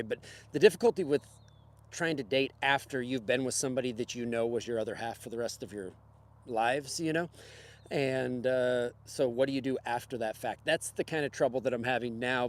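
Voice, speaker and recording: A man's voice: medium pitch, no echo. A man casually telling a personal story on a livestream in a rambling, conversational way with many fillers and chuckles. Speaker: livestream host.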